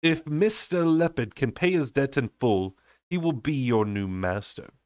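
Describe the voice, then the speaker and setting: A man voicing a steely, curt woman debt collector who speaks in a low, clipped tone. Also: animated, measured pace, a little mellow, no echo, clean studio sound, natural voice. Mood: cold.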